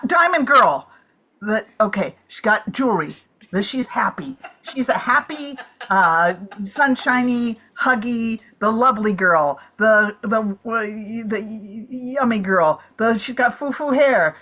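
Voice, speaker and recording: A woman guessing aloud at a game, her voice bright and lively with plenty of swoops. She talks slowly and unhurriedly, piling up one rambling guess after another over a video call. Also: fairly high pitch. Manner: rambling guesses, restarts and giggles. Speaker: comedian playing charades. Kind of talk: thinking aloud while guessing.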